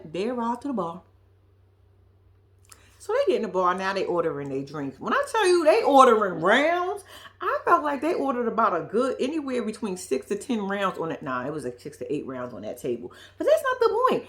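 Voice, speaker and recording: A woman giving a profane, animated recap of a reality show, acting out quotes in a blunt, sassy way. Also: on the high side.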